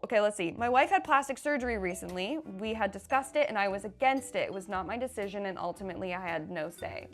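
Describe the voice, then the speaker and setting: A woman from Canada reading Reddit posts aloud and giving animated, slangy commentary with frequent laughter. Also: mid-range voice.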